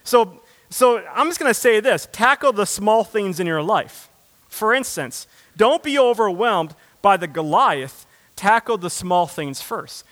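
A man preaching a sermon as pastor, building to loud impassioned passages and then dropping low and quiet. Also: expressive, a little slow. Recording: long hall reverb.

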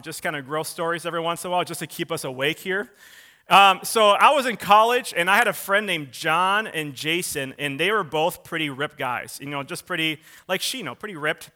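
A pastor with a high, ringing voice tells a story during his sermon. He talks loosely, with restarts, and raises his voice when he acts out what people said. His tone is bright and forward. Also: moderate pace. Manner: animated, acts out quotes in a raised voice.

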